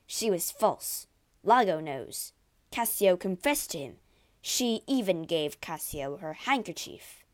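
A woman's voice: fairly low pitch, animated, slow pace. A woman voicing a brooding, jealous male general who speaks in curt, stony growls in a storybook reading.

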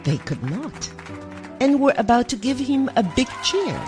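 A narrator telling a folk tale in a slow, deliberate storybook manner. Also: medium pitch, big pitch swings, crowd noise. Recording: music behind.

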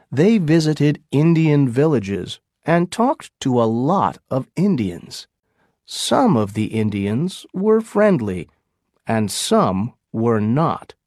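A man narrating a graded-reader audiobook for learners in a slow, clear reading voice. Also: on the high side, darkish tone, no room sound, studio quality.

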